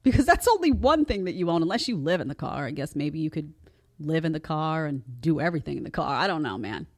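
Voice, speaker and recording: A woman in her thirties hosting a casual reaction show and talking to her live chat, chatty and expressive. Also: deep voice, quick pace. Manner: chatty and animated, acts out quotes. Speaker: host reacting to clips.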